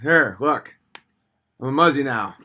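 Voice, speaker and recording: A man in his thirties hosting a casual livestream, reading viewer messages aloud and answering them sardonically, switching between mocking voices and low mutters. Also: animated, unhurried, pushed and bright.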